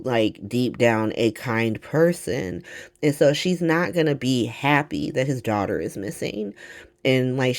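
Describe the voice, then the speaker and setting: A soap opera recap host talking casually, animated and slangy with plenty of swearing, acting out the characters' lines in quick bursts. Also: medium pitch.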